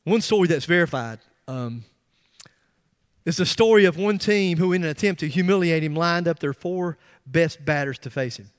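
A middle-aged man preaching a sermon in a church, telling a story with animated emphasis and frequent restarts. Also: fairly high pitch, moderate pace. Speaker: pastor. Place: church sanctuary. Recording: long reverb of a large hall.

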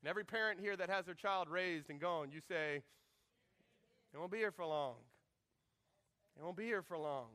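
A man in his thirties preaching a sermon as pastor, animated and joking, acting out quoted lines in shifting voices. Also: on the high side.

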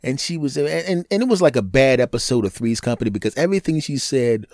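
A man hosting a podcast, telling a comedic story in a lively, repetitive way that breaks into silly sung sound effects. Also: medium pitch, fast talker, no room sound, studio quality. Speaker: podcast host.

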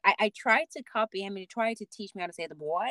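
A woman speaking as a podcast guest, telling stories about her child in an animated way, often restarting her sentences. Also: medium pitch, fast, no room sound. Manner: animated storytelling with many restarts and laughs. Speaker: podcast guest, mother and theatre actor. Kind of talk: casual interview chat.

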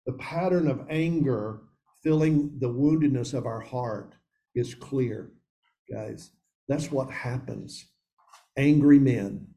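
A man's voice: medium pitch, slow, warm tone, poor audio. A man leading a men's Bible study, reading scripture aloud and commenting earnestly, calling his listeners guys.

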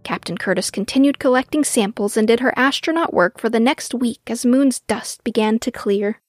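Woman reading a kids storybook, expressive, kinda high voice. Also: normal speed, faint music behind. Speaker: narrator. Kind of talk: children's storybook narration.

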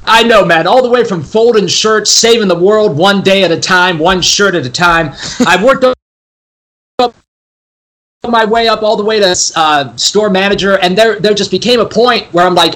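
A man's voice: high-pitched, normal speed, a bit bright. A man from the US West Coast, a guest on a podcast, talking in an enthusiastic, chatty way and swearing freely. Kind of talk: casual podcast interview.

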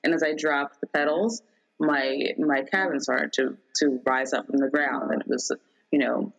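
A woman in casual chat, telling a long dream in a rambling, animated way with many fillers. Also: low voice, moderate pace, vocal fry, poor audio.

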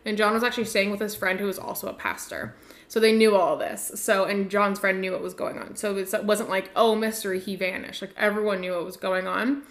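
A woman's voice: mid-range voice, steady tone, brisk. A woman podcast host from the United States, telling a story in a casual, irreverent way with offhand swearing.

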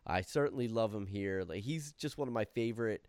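A man's voice: lowish voice, fairly quick, darkish tone, clear, resonant tone, dry recording. A man casually chatting as podcast co-host about a TV episode, swearing and laughing easily.

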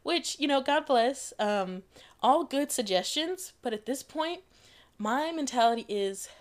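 Animated, profane young woman podcaster. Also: high voice, unhurried. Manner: animated, profane, laughs often mid-sentence. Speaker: podcast host. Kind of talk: casual storytelling monologue.

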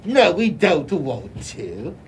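A woman's voice: deep voice, big pitch swings, slow, a little mellow, slight background noise. A woman co-hosting a playful home show, talking in a giggly, put-on British accent. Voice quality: giggly, mock-posh. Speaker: co-host.

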